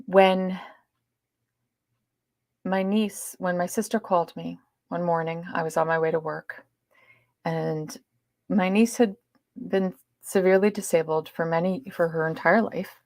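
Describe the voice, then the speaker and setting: An earnest woman guest tells a personal story, leaning hard on key words and then dropping into hushed asides. Her voice sits low with a gravelly, fry-laced edge. The sound is close and dry, with no room echo. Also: steady tone, measured pace, long pauses. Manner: earnest, swings between loud emphasis and hushed asides. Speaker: podcast guest.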